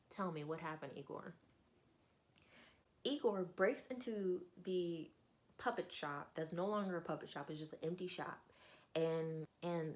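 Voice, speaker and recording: A woman casually recapping a novel as a book reviewer, acting out the characters as she goes. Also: fairly low pitch.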